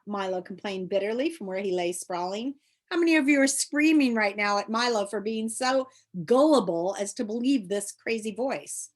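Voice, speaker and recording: Brief: woman narrator, animated storytelling, lively pitch. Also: fairly quick. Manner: expressive storytelling. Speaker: reader. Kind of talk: reading a children's novel aloud.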